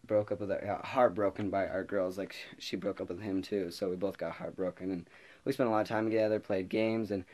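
A teenage boy vlogger telling a rambling high school story, laughing often as he goes. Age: teens. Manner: rambling, laughing, animated retelling. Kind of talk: casual storytelling vlog.

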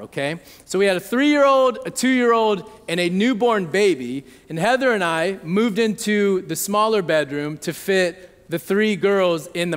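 A man in his thirties preaching a sermon, telling a family story conversationally and often checking in with the audience. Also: high-pitched. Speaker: pastor. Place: church hall. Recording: long hall reverb.

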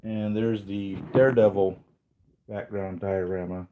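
A man with a low, mellow voice hosts a relaxed toy unboxing stream. He rambles easily, circling back on himself and tossing asides to whoever is watching. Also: unhurried. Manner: rambling, easygoing, with many restarts and asides. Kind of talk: casual live unboxing chat.

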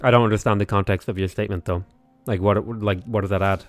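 Man, Irish accent, low voice, casual game-stream chatter, rambling, dry close sound. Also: steady tone, fast talker, no room sound, faint music behind. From Ireland. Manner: rambling, many "like" fillers and restarts. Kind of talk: casual livestream commentary.

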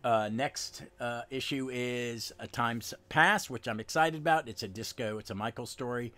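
A man's voice: medium pitch, bright, forceful tone. Rambling man recapping a comic. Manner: rambling, halting, with frequent restarts and trailing asides. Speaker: podcast host. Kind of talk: casual comic book recap.

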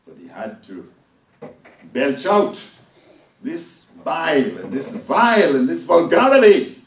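Lively preaching man in an echoey hall. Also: fairly high pitch, unhurried, far from the mic. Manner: dramatic, swings from loud outbursts to hushed asides. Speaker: deacon preaching. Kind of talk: sermon. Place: church hall.

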